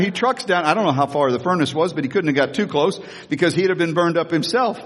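A man preaching a sermon as pastor, animated, acting out Bible scenes in a raised voice. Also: a little high, fast talker, long reverb tail.

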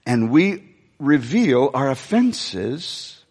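A pastor preaching a sermon, animated and repeating his phrases, asking the congregation questions as he goes. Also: high voice, normal speed. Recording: reverberant church hall.

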